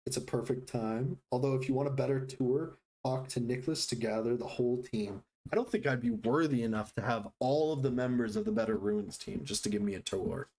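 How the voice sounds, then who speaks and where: A man's voice: mid-range voice, a little fast, few pauses, darkish tone. Joking, self-deprecating male streamer. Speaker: livestreamer. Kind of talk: casual live-stream chat while gaming. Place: home room next to a busy street.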